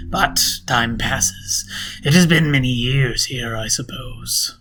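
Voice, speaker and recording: A man voicing an ancient, sinister male entity that is cryptic and amused, speaking slowly with soft whispers in a tabletop game. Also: mid-range voice, huge pitch swings, faint music behind, heavily acted. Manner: slow, savoring, with soft chuckles and hissed whispers. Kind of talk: game master voicing a character.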